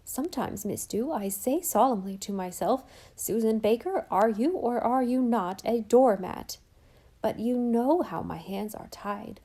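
A woman's voice: mid-range voice, warm tone. A woman reading as a solemn, fretful housekeeper. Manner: solemn, imploring, dramatic. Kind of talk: audiobook character voice.

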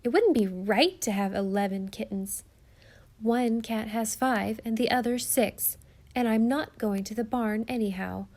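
Give me a woman playing a mocking, sulky storybook girl with a high, warm voice. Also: measured pace. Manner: scornful, sulky.

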